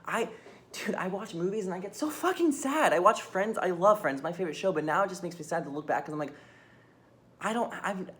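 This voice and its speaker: A woman's voice: fairly low pitch, a bit bright. A young woman vlogging a raw, rambling confession into her phone, swearing and filling with "like". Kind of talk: candid personal confession to phone camera.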